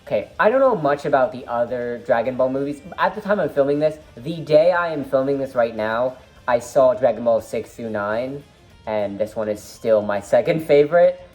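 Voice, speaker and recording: A woman's voice: extremely low pitch, lively intonation, moderate pace, darkish tone, faint music behind. A woman giving a casual movie review vlog, rambling and enthusiastic with lots of fillers.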